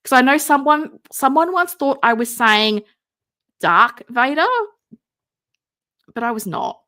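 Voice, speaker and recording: A woman's voice: high voice, animated, normal speed, fairly bright tone. An Australian woman hosting a casual livestream, tired and rambling, with a wry, mumbly way of talking. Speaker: host of a figure collecting livestream.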